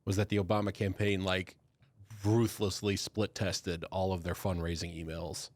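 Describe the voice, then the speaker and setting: Low-voiced laid-back podcast man. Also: little pitch movement, normal speed, no room sound. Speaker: podcast co-host. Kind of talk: casual podcast chat.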